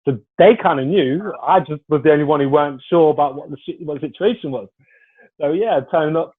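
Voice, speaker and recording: A man, a former footballer being interviewed, telling lively stories and acting out what others said to him. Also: fairly high pitch, brisk, breathy edge. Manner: lively anecdotal storyteller, acts out dialogue. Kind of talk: casual storytelling interview. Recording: tinny phone-like line.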